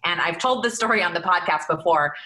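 A woman co-hosting a podcast in a bright, lower-pitched voice. She gushes with a fan's enthusiasm about her guest. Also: a little fast, rough recording. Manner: enthusiastic fan, gushing. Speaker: podcast co-host. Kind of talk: podcast conversation.

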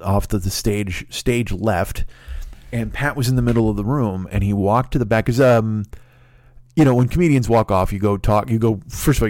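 Low-voiced man in a profane, rambling monologue. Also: darkish tone, no echo. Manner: profane, rambling storytelling with frequent restarts. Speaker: podcast host. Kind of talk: casual monologue.

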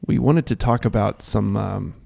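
A man's voice: fairly low pitch, moderate pace, gravelly, darkish tone. A man co-hosting a casual podcast chat, easygoing and stumbling over his words at times. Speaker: podcast co-host.

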